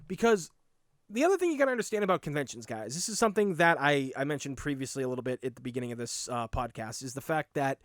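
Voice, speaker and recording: A man with a Boston accent, hosting a podcast and telling stories in a blunt, animated, casual way with some swearing. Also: medium pitch, fast talker, dry recording, clean studio sound. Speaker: podcast host. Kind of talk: casual storytelling monologue.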